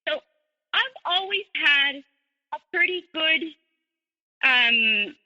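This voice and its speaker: Woman guest telling her story, high and really bright voice, lots of ums, echoey call sound. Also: animated, muffled recording. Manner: measured, many ums and restarts. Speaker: interview guest. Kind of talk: personal storytelling.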